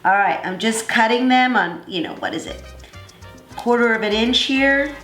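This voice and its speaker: A woman's voice: on the high side, normal speed, a bit bright, reverberant, soft background music. A woman hosting a cooking demonstration in a kitchen, talking viewers through each step in an effusive, enthusiastic, chatty way. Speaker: cooking show host.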